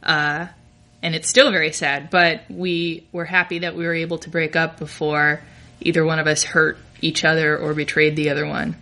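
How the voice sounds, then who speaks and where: A woman's voice: sits low, level tone, normal speed, sharp tone. A young adult woman telling a candid, self-deprecating personal story, often laughing through her lines.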